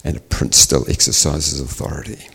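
A man's voice: rumbling low, fairly even intonation, normal speed, creaky, fairly bright tone, breathy edge, long reverb tail. A man preaching a sermon, telling a story and acting out the dialogue, building to emphatic peaks.

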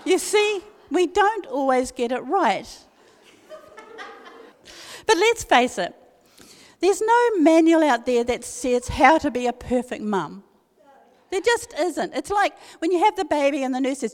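High-voiced older New woman, hall echo. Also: unhurried. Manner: lively, animated anecdote teller. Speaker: guest speaker. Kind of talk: humorous storytelling talk. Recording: long reverb of a large hall.

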